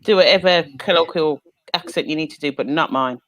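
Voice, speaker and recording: Woman, panellist, expressive, laughing, dry close sound. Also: deep voice, fairly quick, no room sound. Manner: expressive, laughing, mimics voices. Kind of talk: casual panel chat.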